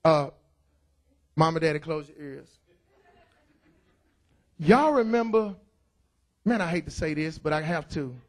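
Male pastor, middle-aged, high-pitched, loud, excited, energetic sermon, church. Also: unhurried, pauses often. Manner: loud and excited, calling out to the congregation.

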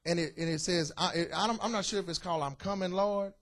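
A man's voice: high-pitched, quick pace. A man preaching a sermon as pastor, joking and calling out to his congregation. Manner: lively, joking preaching with call-outs to the congregation. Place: church.

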